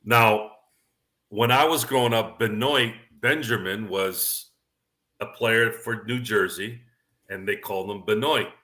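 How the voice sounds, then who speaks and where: A man hosting a casual sports show on a livestream. He rambles from one thought to the next and restarts his sentences often. In between, he reads viewer questions out loud. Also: lowish voice, measured pace. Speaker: podcast host.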